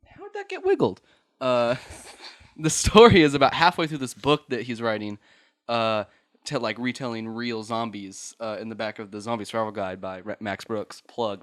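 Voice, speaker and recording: Bright-voiced man rambling through a story. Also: mid-range voice. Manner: rambling, laughing, swears, acts out voices. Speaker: podcast host. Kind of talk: casual storytelling.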